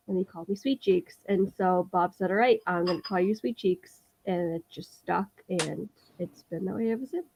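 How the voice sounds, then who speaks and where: A woman with a Boston accent telling a story in casual livestream chat. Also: mid-range voice. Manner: chatty, storytelling. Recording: dull lo-fi stream audio with faint noise.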